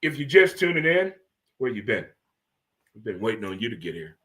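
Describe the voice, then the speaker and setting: A man, hosting a casual talk show in an animated, swearing, preacher-like monologue. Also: medium pitch, brisk. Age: 50s. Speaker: host. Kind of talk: casual radio-style monologue.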